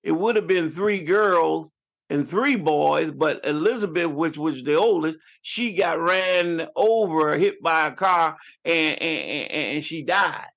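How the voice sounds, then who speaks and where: A slightly high man's voice, a bit bright with vocal fry, moves slowly. He's in his fifties with a New York accent, and as a podcast guest he tells family stories in a rambling, casual manner full of restarts.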